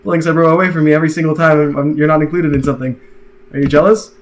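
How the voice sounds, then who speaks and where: A man's voice: fairly high pitch, fairly even intonation, very fast, pitched below the performer's own voice, close to an everyday voice. A man reading the lines of a short-tempered young girl from a game, snappy and accusing. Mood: indignant. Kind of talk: reading game dialogue aloud.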